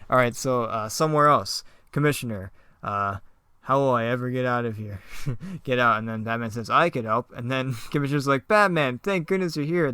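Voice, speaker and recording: A man's voice: mid-range voice, a bit bright, clear, resonant tone, dry recording. A young man reading his own old comic script aloud, mocking it and laughing at his writing. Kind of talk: comedic script reading with commentary.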